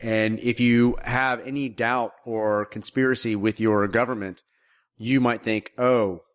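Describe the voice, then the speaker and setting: Podcast co-host, male, mid-range voice; casual and animated movie talk with quick restarts. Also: medium pitch, smooth. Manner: animated, repeats words when starting thoughts.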